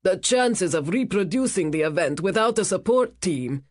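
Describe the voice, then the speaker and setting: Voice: medium pitch, lively intonation, moderate pace, natural voice. A narrator voicing a bearded older professor, a man who bellows over everyone. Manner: roaring, thunderous.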